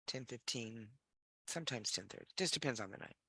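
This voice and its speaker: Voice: mid-range voice, animated, fairly quick, pushed and bright, breathy edge, no echo. A livestream host talking casually with viewers and a guest, chatty and laughing often, trailing off into fillers.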